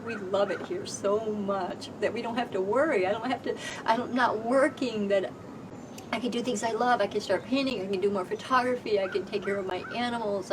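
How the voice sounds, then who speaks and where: A woman, a homeowner, telling her own story in an expressive, animated way, recorded outdoors on a porch. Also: fairly high pitch. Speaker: housing program homeowner. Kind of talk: personal storytelling. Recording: distant mic with background noise.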